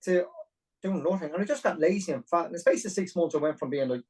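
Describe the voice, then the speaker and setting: A man in his forties from Dublin with an Irish accent, a podcast guest telling his story in a lively, self-deprecating way with many restarts. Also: fairly high pitch, fast talker, husky, far from the mic, low-quality recording. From Ireland. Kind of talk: conversational storytelling.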